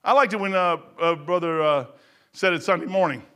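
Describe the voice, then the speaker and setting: A middle-aged man preaching in a folksy, emphatic way. His voice is bright and a little high for a man, and it swings between loud bursts and low asides. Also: fairly quick, smooth. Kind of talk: sermon.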